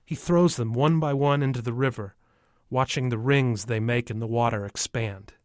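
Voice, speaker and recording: A man calmly narrating a first-person story from a child's view. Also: medium pitch, normal speed, no echo, clean studio sound. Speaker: audiobook narrator.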